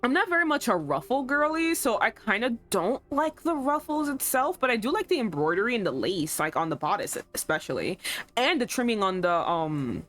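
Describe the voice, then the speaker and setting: A young woman streaming a romance game, reacting out loud with frequent swearing and exasperation. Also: fairly high pitch, sing-song, fairly quick. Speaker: streamer playing a romance visual novel. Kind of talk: casual live-stream commentary. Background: faint game music.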